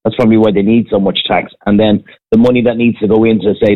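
An Irish man calls in to a radio show and talks quickly and bluntly in a cynical way. His voice is a bit low, and it comes through a thin, tinny phone line. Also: steady tone. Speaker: caller, restaurant owner. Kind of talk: phone-in chat.

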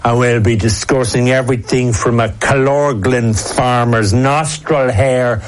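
A man gives a comic promo for a radio show. His voice sits at a plain middle pitch. He keeps a mock-serious, deadpan delivery. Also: measured pace.

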